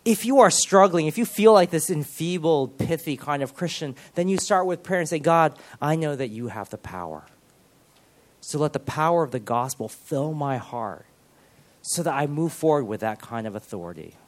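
Earnest, animated male preacher. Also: fairly high pitch. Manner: earnest and animated, with quick bursts and restarts. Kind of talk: sermon.

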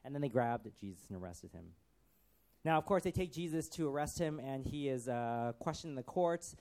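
A man preaching, reading scripture and retelling it in casual commentary with acted-out voices, swinging from loud to hushed. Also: medium pitch, animated, normal speed. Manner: acts out quotes in varied voices, conversational asides. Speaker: pastor.

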